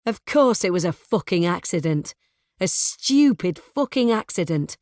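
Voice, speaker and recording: A woman narrating a thriller audiobook in first person, tense and measured. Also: fairly low pitch, sing-song, darkish tone, no room sound, clean studio sound.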